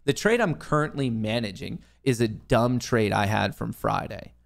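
A man's voice: medium pitch, moderate pace, vocal fry. A young man hosting a live trading stream, talking casually to himself and his viewers, muttering and swearing at the market. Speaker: livestream host, day trader.

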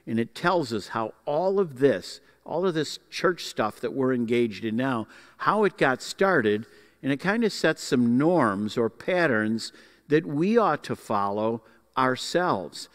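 A man teaching a Bible class in a folksy, explanatory way, pausing often to find his words. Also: mid-range voice, expressive, fairly bright tone, big-room sound. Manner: folksy, explanatory, with frequent uh fillers.

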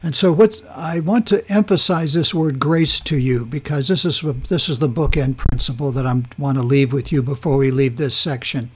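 A man teaching a verse-by-verse Bible study, reading scripture aloud and explaining word meanings, with frequent pauses and restarts. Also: mid-range voice, husky. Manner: slow and deliberate, pausing and restarting as he explains.

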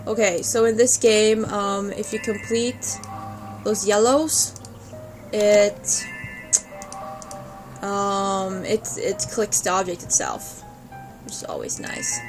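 A woman's voice: mid-range voice, animated, slow, pauses often. A woman hosting a gaming video, chatting playfully and exclaiming at objects she finds, over game music. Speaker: let's play host. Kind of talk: gaming commentary.

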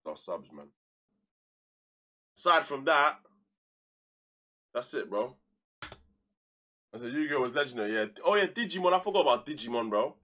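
A young man with a mid-range, bright, forceful voice casually commentates his football manager game on a live stream. Very animated at a normal speed with long pauses, he is full of slang, flaring into heated outbursts and then dropping to mutters.

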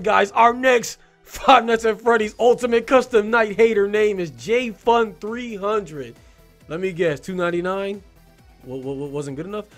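A man hosting a video where he reads game reviews aloud and mocks them in a sarcastic, joking way. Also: sits high. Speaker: YouTube host. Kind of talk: reading and mocking game reviews.

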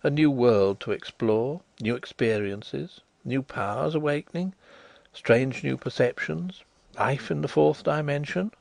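A man voicing a calm, genial blind gentleman detective who speaks suavely and placidly in an audiobook. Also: medium pitch, unhurried, gravelly, no echo, voice pushed up.

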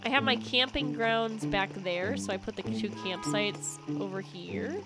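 A woman's voice: medium pitch, a little slow. A woman giving casual, rambling commentary while playing a video game. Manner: rambling, chatty. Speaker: gaming youtuber. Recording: game music behind.

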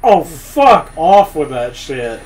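A woman's voice: deep voice, big pitch swings, takes it slowly, darkish tone, rough recording. A woman playing a video game for a let's play, laughing often and swearing at the game in casual commentary.

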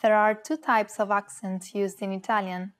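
A woman co-hosts a scripted language lesson. She reads example words carefully and deliberately, with her voice at an everyday middle pitch. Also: little pitch movement. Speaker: co-host giving example words.

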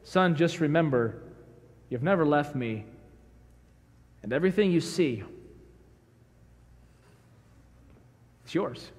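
A man voicing a gentle older father who softly reassures his son, in a sermon. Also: fairly high pitch, lively intonation, measured pace, pitched below the performer's own voice. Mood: tender. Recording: reverberant church sanctuary.

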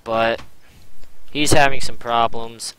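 A young man hosting a casual gameplay video, excited and rambling, often tripping over his words. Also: medium pitch, slow pace, clear, resonant tone. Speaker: gaming channel host. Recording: noisy home recording.

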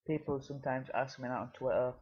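A British gaming video creator gives casual gameplay commentary, rambling fast with many fillers and restarts. His medium-pitched voice is steady and husky, and the sound is lo-fi.

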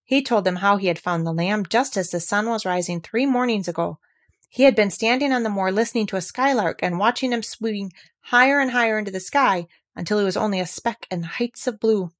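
Woman narrator for a classic storybook, calm and measured. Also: medium pitch. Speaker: audiobook reader.

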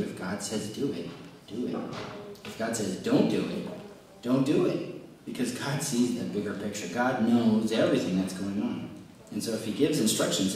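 A man's voice: medium pitch, darkish tone, a little hiss or hum. A young man telling a rambling, casual story with many fillers, talking to kids. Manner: chatty, rambling, lots of fillers. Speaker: children's message speaker. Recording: very echoey room from far off.

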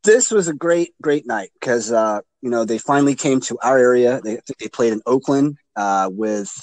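A man's voice: mid-range voice, expressive, normal speed, darkish tone, dry recording, rough recording. A man co-hosting a casual podcast, joking crudely and swearing freely. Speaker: podcast co-host. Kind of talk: casual chat.

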